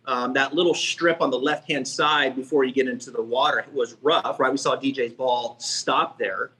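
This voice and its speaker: A man hosting a podcast, chatting casually in rambling, quick asides and often checking with "right?". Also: medium pitch, pushed and bright. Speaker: podcast host. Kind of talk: casual chat.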